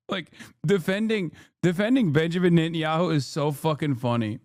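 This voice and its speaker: A man rants over a clip on his live stream, swearing freely and breaking into mocking laughter. His voice sits high for a man. The sound is close and dry, with no room around it. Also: a little mellow, no room sound. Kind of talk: profane live-stream reaction rant.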